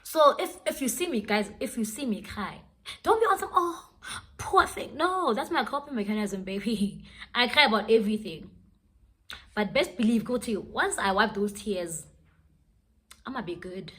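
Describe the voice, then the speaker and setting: Lively young South African woman telling a story. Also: mid-range voice, moderate pace. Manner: lively, dramatic, mixes English with Sesotho phrases. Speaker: vlogger. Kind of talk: casual storytime chat.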